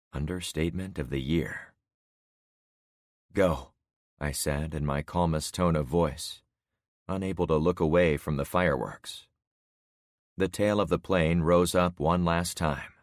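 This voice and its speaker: Male narrator, very low pitch, steady measured first-person storytelling, dead-dry booth. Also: no room sound. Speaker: audiobook narrator.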